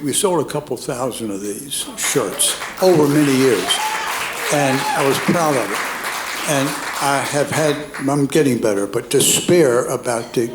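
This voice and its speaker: A man's voice: medium pitch, very noisy. A man, telling a rambling, folksy stand-up set on a comedy club stage. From North Carolina, USA. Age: 80s. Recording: roomy club with audience laughter.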